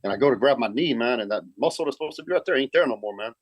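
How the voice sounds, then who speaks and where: A man's voice: mid-range voice, expressive, rapid-fire, slightly rough, no room sound. A middle-aged man, telling a story in a casual, profane way and saying "man" a lot. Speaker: guest, pro bodybuilder.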